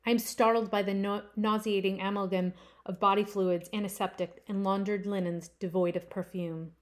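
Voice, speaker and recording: A woman's voice: medium pitch, little pitch movement, normal speed. Woman reading her own story expressively. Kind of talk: first-person story reading.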